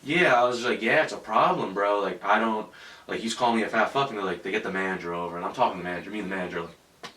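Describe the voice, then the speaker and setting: Man, podcast host, swearing storyteller, bright tense voice, quick delivery, roomy sound. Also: on the low side, far from the mic, slight background noise. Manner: profane storytelling. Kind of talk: casual podcast chat. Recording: echoey room, off-mic.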